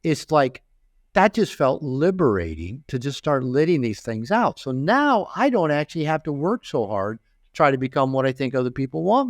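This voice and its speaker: An older man, a therapist and author, telling stories in a relaxed interview and acting out the voices of the people in them, often repeating and restarting words. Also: mid-range voice, dry recording, studio quality. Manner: animated storyteller acting out quoted voices, frequent repeats and restarts. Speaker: therapist and author, podcast guest. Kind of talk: conversational storytelling interview.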